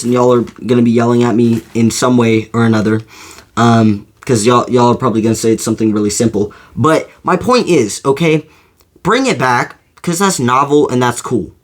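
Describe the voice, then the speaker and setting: A man talks through his opinion in a loose, unscripted way. His delivery is slow and halting, full of fillers and false starts. His voice sits at an ordinary middle pitch. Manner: rambling, full of fillers and restarts. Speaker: video creator. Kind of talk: casual opinion monologue.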